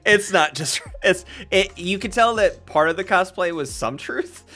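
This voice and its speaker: A man's voice: high-pitched, animated, a little slow, bright, forceful tone, soft background music. A man narrating as game master in casual play, rambling with many fillers.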